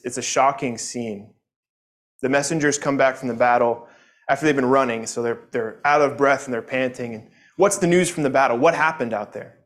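Earnest male Bible teacher, mid pitch. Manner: earnest, conversational, repeats words as he thinks. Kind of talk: Sunday morning Bible lesson.

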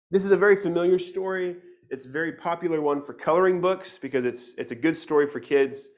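A man's voice: a little high, fast talker. A man teaching scripture in a conversational way, reading verses aloud and explaining them closely, often repeating words as he goes. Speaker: preacher.

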